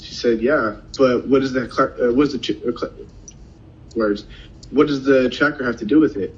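A man casually telling a personal story in a conversation, animated and acting out what other people said. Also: moderate pace. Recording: dull lo-fi sound, faint rumble.

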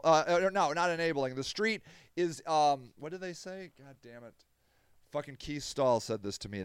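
Foul-mouthed ranting man, smooth clear voice. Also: fairly high pitch, no room sound, clean studio sound. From Akron, Ohio. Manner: profane, heated and ranting; quick flashes of anger, loud outbursts. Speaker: podcast host. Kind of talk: reading news articles aloud and ranting about them.

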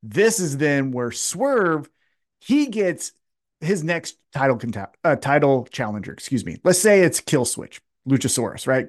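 A man co-hosting a casual podcast, pitching wrestling storylines and acting out the wrestlers' lines with plenty of swearing. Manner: animated, profane, acts out wrestlers' lines. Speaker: podcast co-host. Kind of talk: casual wrestling booking chat.

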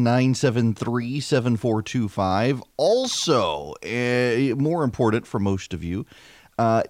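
A forties man hosts his talk radio show in a wry, animated way. His mid-pitched voice sounds close and dry. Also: dry recording. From Louisiana. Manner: animated, wry, with frequent fillers. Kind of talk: opinionated talk radio monologue.

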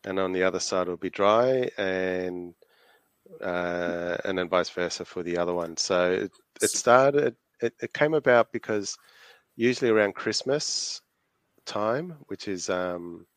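A man's voice: sits low, unhurried, clear, resonant tone, no echo. An Australian man co-hosting a podcast, explaining facts from his notes in casual chat and laughing easily. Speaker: podcast co-host.

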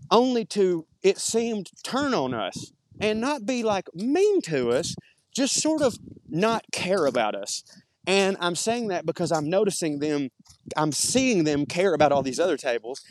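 A man with a thick Southern US accent, rambling in a chatty, self-deprecating way as a podcast host while walking outdoors in the woods. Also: a little high. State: slightly out of breath walking uphill. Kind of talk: rambling monologue.

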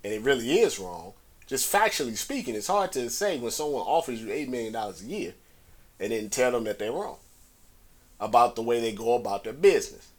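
A man's voice: medium pitch, very animated, brisk. A man hosting a podcast, talking through sports media in a casual, rambling way and pushing his voice up to stress a point. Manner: conversational, talks in circles, rising emphasis on key points. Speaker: podcast host. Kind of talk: casual solo commentary.

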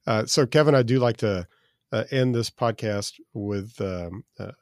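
Low-voiced podcast host, relaxed. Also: male voice, unhurried, no echo, clean studio sound. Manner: relaxed, rambling questions with fillers. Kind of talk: casual podcast interview.

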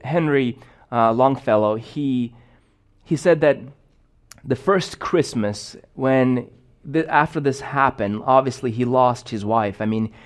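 A young man preaching a sermon in a casual, storytelling way, full of fillers and restarts. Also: medium pitch. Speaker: pastor.

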